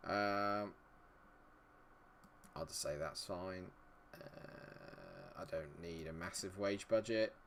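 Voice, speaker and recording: A man's voice: low-pitched, lively intonation, takes it slowly, pauses often, a bit bright, a little hiss or hum. A man live-streaming a game, chatting with his viewers and muttering to himself while he checks settings. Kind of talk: live-stream commentary talking to chat.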